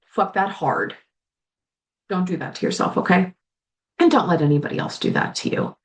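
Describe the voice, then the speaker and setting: A woman hosting a coaching podcast talks straight to her listener in a slightly low voice. She is blunt and profane and swears freely, and now and then she sounds close to tears. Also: expressive, moderate pace. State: tearful at times. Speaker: life coach and podcast host. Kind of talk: solo podcast monologue.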